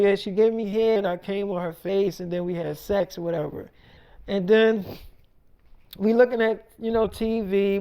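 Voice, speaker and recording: A woman's voice: mid-range voice, warm tone. A woman telling an improvised first-person story in a crude, rambling, repetitive way.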